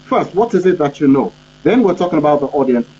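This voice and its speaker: A man's voice: on the high side, big pitch swings, quick pace, dark tone. A man coaching on how to speak and explain, repeating his points emphatically and checking that listeners understand. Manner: emphatic, repetitive, asks "you understand?". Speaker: communication trainer and coach. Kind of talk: instructional talk. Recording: dull lo-fi audio with faint electrical hum.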